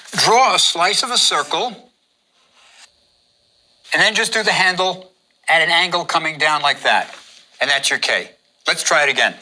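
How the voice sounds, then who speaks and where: Bright, lively man teaching drawing. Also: fairly high pitch, poor audio. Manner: patient, instructive, repeats each step. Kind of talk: step-by-step drawing lesson.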